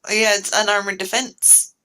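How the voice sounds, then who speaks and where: Bright-voiced excitable woman player. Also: medium pitch, normal speed. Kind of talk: casual play at a tabletop game.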